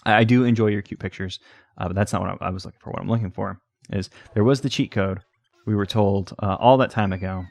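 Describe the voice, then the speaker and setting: A man's voice: lowish voice, fairly even intonation, quick pace, creaky, no room sound. A man hosting a let's play, rambling and hesitant as he talks to the game's pets. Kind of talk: casual game commentary.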